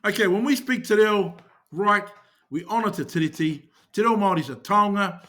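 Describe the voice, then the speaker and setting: A man's voice: high voice, fairly quick, a bit bright. A man with a New Zealand accent teaching short phrases, repeating each one and urging listeners to say it like they mean it. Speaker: language teacher. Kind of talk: scripted language lesson.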